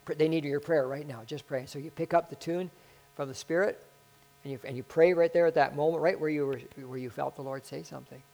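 A man preaches with excitable energy, his fairly high voice swelling into loud bursts. He also leads a spoken prayer. A low mains hum sits under the recording. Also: fairly quick, vocal fry, rough recording. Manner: prays aloud. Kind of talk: sermon.

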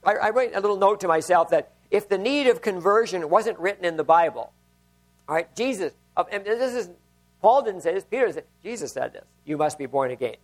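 A man's voice: high-pitched, expressive, brisk, soft background music. A man, a pastor, preaching a sermon in a conversational way, telling stories and often repeating and restarting his phrases.

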